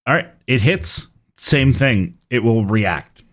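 A man's voice: mid-range voice, expressive, slow pace, fairly bright tone. Guy dm running a tabletop game, voice jumps all over, swears a lot, laughs easy. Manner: casual, swears freely, laughs often. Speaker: game master.

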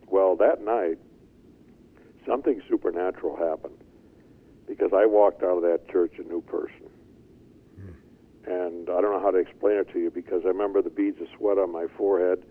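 An older man telling his life story as an interview guest, animated and chuckling as he goes. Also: low voice. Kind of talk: storytelling testimony. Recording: tinny phone-like line.

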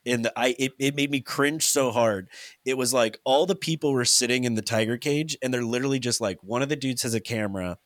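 A man's voice: medium pitch, a little fast, no echo. Dry-sounding man in casual chat. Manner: animated storyteller, mimics people in quotes.

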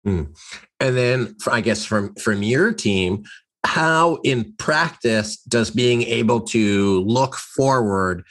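A man's voice: medium pitch, slow, a bit bright. A man hosting a business podcast. He reads a scripted intro, then asks loose, rambling questions. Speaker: podcast host.

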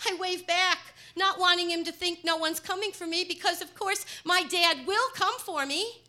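An adult woman from Chicago tells a personal story, part of it in rhyming verse, shifting between hushed and emphatic delivery. Her voice is very high and her pace moderate.

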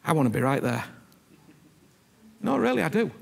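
Male preacher, husky voice that swings wildly up and down, earnest and repetitive. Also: a little high, normal speed. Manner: animated, earnest, repeats himself, keeps asking "you understand me?". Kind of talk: sermon.

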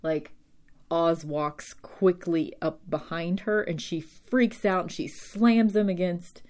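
Chatty low-voiced woman recapping a show. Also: slow pace. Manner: chatty, rambling, swears casually, lively quoted voices. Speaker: podcast host recapping episodes. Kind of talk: casual recap chat.

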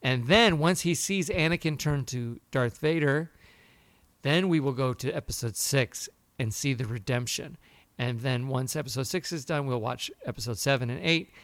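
A man co-hosting a podcast, telling a story in a lively way and acting out the people he quotes. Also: mid-range voice, normal speed, dry recording. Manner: animated storyteller, acts out quotes. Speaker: podcast co-host. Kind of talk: casual chat.

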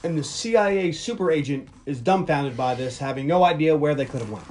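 A man's voice: a little high, a little fast. A man co-hosting a movie podcast, retelling scenes in casual chat and acting out quotes. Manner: animated storyteller, acts out quotes. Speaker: podcast co-host.

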